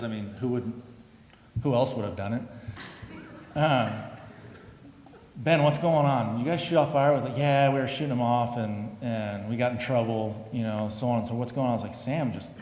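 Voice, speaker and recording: A man in his forties giving a hall of fame acceptance speech at a podium, telling stories and acting out what others said, turning soft and heartfelt. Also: mid-range voice. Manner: storytelling, acts out quotes, grows emotional and soft. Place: large hall. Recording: echoey hall, faint background noise.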